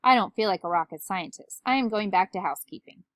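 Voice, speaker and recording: A woman's voice: mid-range voice, animated, fast talker, a bit bright, no echo, studio quality, natural voice. A woman reading a storybook aloud, voicing a cheerful, literal-minded housekeeper who speaks earnestly. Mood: remorseful.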